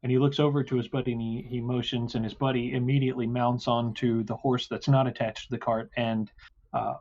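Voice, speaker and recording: Halting man narrating as game master. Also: mid-range voice, flat delivery, a little mellow. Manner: halting, many fillers. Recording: slightly muffled audio.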